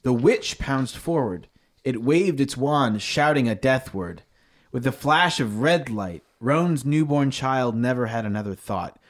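A man co-hosting a podcast, reading a story aloud and joking between passages, animated and laughing often. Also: mid-range voice, measured pace. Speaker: podcast co-host.

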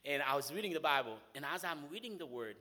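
A young man from Haiti with a Haitian accent, telling a personal faith testimony in an animated way, often saying "man". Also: on the high side, fast. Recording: long hall reverb.

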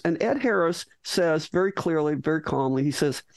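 A woman's voice: deep voice, lively intonation, normal speed, hardly any pauses, darkish tone, no room sound. A middle-aged woman, a physician guest in an interview, tells a story animatedly with frequent restarts and acted-out lines.

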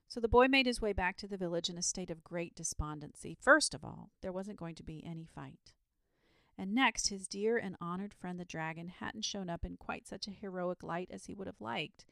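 A woman reading a children's story aloud in a calm, soothing bedtime reading. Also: on the low side, normal speed, gravelly, dry recording, clean studio sound.

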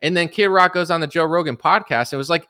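Bright-voiced man ranting sarcastically. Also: fairly high pitch, fast, no room sound, studio quality. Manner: sarcastic, mocking, profane. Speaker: online commentator. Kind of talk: ranting commentary.

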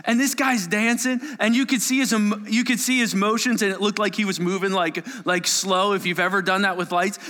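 A man preaching a sermon to a live church audience, telling a story in a playful, animated way and acting out voices and sound effects. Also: high voice, a little fast, few pauses. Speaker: pastor. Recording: long reverb of a large hall.

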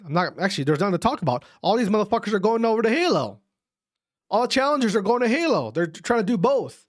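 A young man giving a profane, heated esports rant, repeating himself and dropping to quiet asides. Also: sits high, very animated, fast talker. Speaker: esports commentator. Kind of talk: ranting casual commentary.

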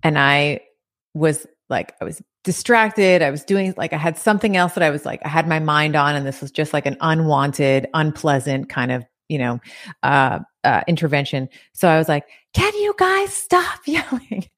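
A chatty middle-aged woman speaks as a podcast guest, her voice sitting very low for a woman. She talks in a lively, animated way, laughs often and restarts her sentences. The sound is close and dry, with no room around it. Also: normal speed, no echo. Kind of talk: casual interview chat.

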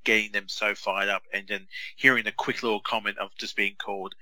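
A man co-hosting a podcast in casual chat, telling animated stories and acting out other players in raised voices. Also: fairly low pitch, brisk, no echo, low-quality recording. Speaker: podcast co-host.

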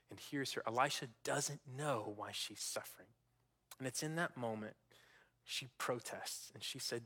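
Male guest preacher, bright and animated, church sermon. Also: medium pitch. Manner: animated, acts out characters' lines with sudden drops to hushed tones. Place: church sanctuary.

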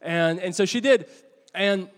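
A middle-aged male pastor delivers a sermon in a rambling, conversational storytelling manner, with frequent restarts and self-deprecating asides. His voice sits a little high for a man. A long reverb trails after each phrase, as if he is preaching in a church hall. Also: unhurried.

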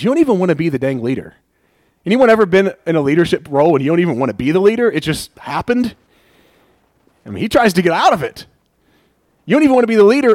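A man preaching a conversational sermon, animated and acting out people's complaints with laughs. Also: high-pitched, dry recording. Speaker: pastor.

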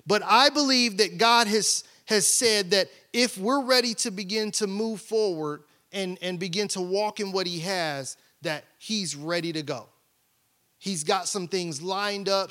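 A man's voice: high voice, pushed and bright. A middle-aged male pastor preaching a sermon, telling family stories and acting out their voices. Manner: storytelling, acts out family voices.

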